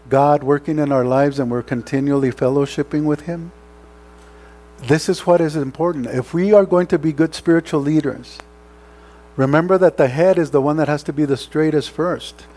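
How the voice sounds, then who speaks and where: Earnest preacher with a mellow voice. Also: male voice, fairly high pitch. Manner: conversational, rhetorical questions; earnest, exhorting. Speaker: pastor. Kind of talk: sermon.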